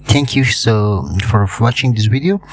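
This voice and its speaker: A man with a non-native English accent who hosts his own channel and explains a science topic informally, in a halting way with many hums and restarts. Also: medium pitch. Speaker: channel host.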